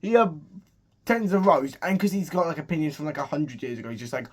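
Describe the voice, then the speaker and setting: A man's voice: a little high, expressive, quick pace, husky. A man casually recapping a film's plot in a rambling, restart-filled way. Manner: rambling, full of restarts and "he's just like". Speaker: movie reviewer.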